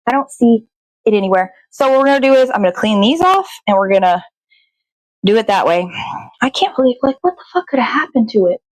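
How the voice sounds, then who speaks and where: A woman's voice: a little high, very animated, fairly quick, no room sound, poor audio. A woman hosting a morning show, chatting casually and rambling to herself as she bakes in her kitchen, swearing freely. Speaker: host. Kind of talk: casual chat while baking. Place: home kitchen.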